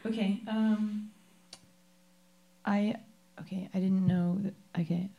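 A woman musician, a guest in a radio studio, talking in a soft-spoken, halting way during a casual interview. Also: medium pitch, steady tone, gravelly, muffled recording. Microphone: studio microphone.

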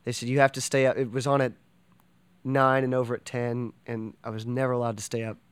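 A drummer appearing as a podcast guest talks enthusiastically but with flat delivery in a casual interview, rambling briskly with lots of fillers and restarts. His middle-pitched voice is smooth and clear, and the sound is close and dry with no echo.

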